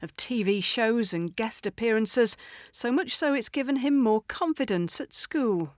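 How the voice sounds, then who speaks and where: A woman reporter reading a scripted news report in a measured, clear way. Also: a little high, animated, no echo, clean studio sound.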